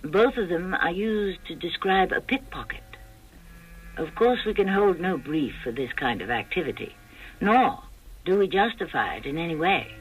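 A man hosting an old radio drama, narrating in a measured, theatrical way. His voice sits a little high for a man. Soft music plays faintly behind him. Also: lively intonation, breathy edge, poor audio. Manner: measured, declamatory.

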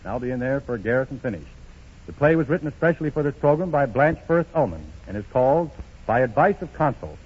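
A man's voice: mid-range voice, animated. A man giving a formal scripted introduction to a radio play as host. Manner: brisk, formal announcing. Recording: muffled 1930s radio broadcast.

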